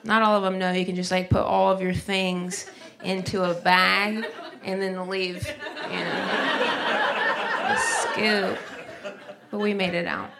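A woman from Ohio doing stand-up comedy in a dry, deadpan style. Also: medium pitch, a little slow, gravelly, pauses often. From Ohio, USA. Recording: noisy live recording.

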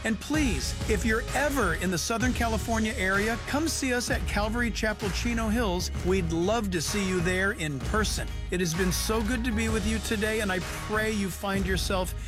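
A man's voice: high voice, moderate pace, hardly any pauses, over music. A man preaching a radio sermon as pastor, emphatic and exhorting, firing rhetorical questions at listeners. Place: Southern California church.

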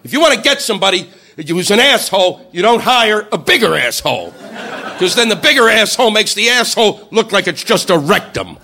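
A man's voice: sits high, big pitch swings, fairly quick, sharp tone. A man doing stand-up comedy in a brash, profane, ranting way.

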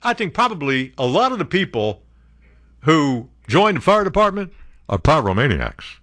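A man's voice: on the high side, sing-song, normal speed, a bit bright, no room sound. A man hosting a talk radio show, sarcastic and rambling, laughing at his own jokes from a studio.

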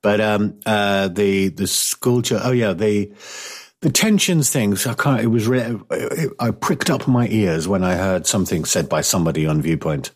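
A British man hosting a radio talk show with a fairly low voice. He chats loosely, wandering through asides and restarting his sentences. The tone is casual and unscripted. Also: moderate pace. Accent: British English. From Britain. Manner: rambling, with many fillers and restarts.

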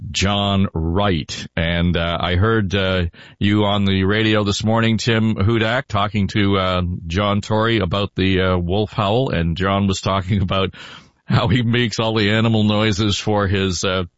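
A man hosting a casual political podcast in a chatty, relaxed way. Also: fairly low pitch, no room sound. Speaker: podcast host. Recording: dull, dry.

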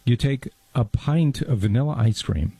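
Patient husky-voiced recipe man. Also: mid-range voice, expressive, moderate pace, mellow, no echo. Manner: patient, polite, explains recipes step by step. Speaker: cook sharing recipes.

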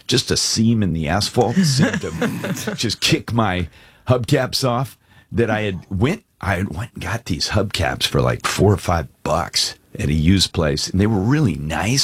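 A man's voice: low-pitched, husky, dry recording. A middle-aged man hosting a faith radio show, telling stories with laughs and reading scripture with emphasis. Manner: animated storyteller, laughs often, does voices in quotes. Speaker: radio show host and speaker. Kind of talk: storytelling and devotional radio talk.

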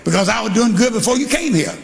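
An older man preaching in a high, gravelly voice, swinging between storytelling and shouted praise. His sermon rings through a church hall with a long echo, and the congregation can be faintly heard behind him. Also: animated, quick pace, a faint crowd. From Texas. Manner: storytelling, call-and-response, shouting, singsong. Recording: live in a reverberant church with congregation.

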